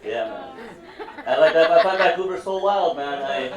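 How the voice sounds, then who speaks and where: A man's voice: a little high, animated, normal speed, crowd noise. Male stand-up, raunchy, loose and rambling; distant mic, echoey venue. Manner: crude, rambling, heavy on "you know what I mean". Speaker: stand-up comedian. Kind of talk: live stand-up set. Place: live comedy venue with audience. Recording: roomy, distant mic, loud background noise.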